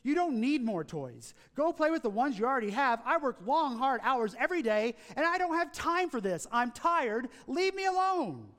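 A man's voice: high voice, expressive, moderate pace, in a large hall, voice pushed down. A man reading the lines of a tired, irritable father who snaps at his son. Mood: irritated. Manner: snappish and gruff.

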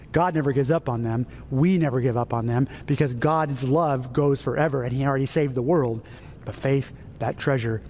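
A male pastor delivering a sermon, rising to soaring high phrases and dropping to hushed near-whispers. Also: a little hiss or hum.

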